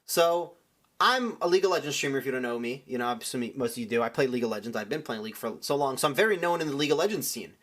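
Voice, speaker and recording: Fast-talking young man telling a story. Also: medium pitch, expressive, a bit bright. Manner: rambling, lots of "like" and restarts. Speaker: streamer. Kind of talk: casual storytelling to stream viewers.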